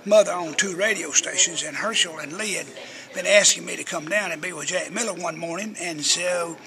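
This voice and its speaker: Folksy older man, high and gravelly. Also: brisk, a crowd in the background. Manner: folksy, chatty storyteller who acts out quotes. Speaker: interview guest, radio personality. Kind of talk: rambling storytelling interview.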